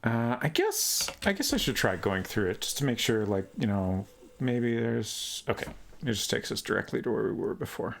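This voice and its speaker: A man gives casual let's-play commentary in a gravelly, fry-laden voice, musing and hesitant as he thinks aloud. Soft keyboard typing sits faintly behind him. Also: medium pitch, sing-song, moderate pace, a little hiss or hum. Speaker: streamer.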